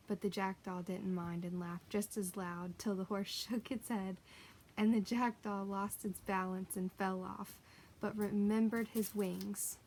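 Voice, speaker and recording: A woman reading a children's novel aloud with expressive storytelling. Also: mid-range voice, vocal fry, a little hiss or hum, rough recording. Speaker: reader.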